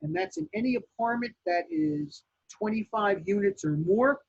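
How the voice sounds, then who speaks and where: Male real estate teacher, emphatic and restless, gravelly, in a muffled classroom recording. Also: high-pitched, normal speed. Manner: lively, restarts and fillers, emphatic. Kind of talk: classroom lecture.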